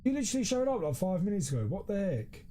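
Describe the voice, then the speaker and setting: Excitable high-voiced man streaming. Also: quick pace, a little hiss or hum. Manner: excitable, teasing, exclaims often. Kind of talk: casual live-stream chat.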